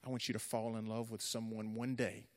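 A man's voice: fairly low pitch, level tone, brisk. A middle-aged man preaching to young people in an earnest, repetitive, conversational way. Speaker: youth pastor. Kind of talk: sermon. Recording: echoey hall.

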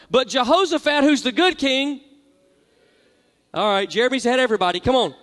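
A man's voice: very high-pitched, animated, a little fast, pauses often, a bit bright. A man preaching a sermon, reading scripture aloud and drawing call-and-response from his congregation. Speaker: pastor. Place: large church hall. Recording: long hall reverb.

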